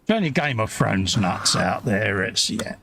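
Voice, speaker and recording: A man's voice: on the low side, sing-song, unhurried, creaky, background noise. A man co-hosting a live stream, chatting in a rambling way with lots of "you know". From United Kingdom. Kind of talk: casual live stream chat.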